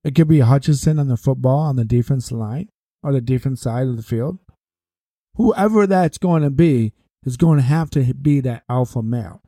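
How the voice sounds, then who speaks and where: A man's voice: medium pitch, normal speed, dark tone, no room sound. A man hosting a podcast, giving casual sports commentary in a rambling way, repeating phrases for emphasis and sounding short of breath. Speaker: podcast host.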